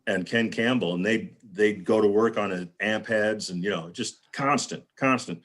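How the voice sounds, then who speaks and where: On a live video panel, a male guest speaks at normal speed with a fairly low, fairly bright voice. He rambles through a casual anecdote, voicing the quotes of the people involved, heard over a video call.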